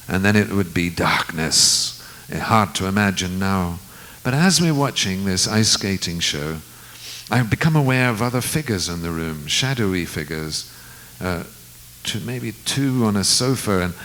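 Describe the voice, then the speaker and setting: A man, a guest musician, telling a long anecdote in an unhurried, reflective way, acting out the lines of the people in it. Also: low voice, a bit bright, rough recording. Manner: unhurried, reflective storyteller who acts out quoted lines. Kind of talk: storytelling anecdote in conversation.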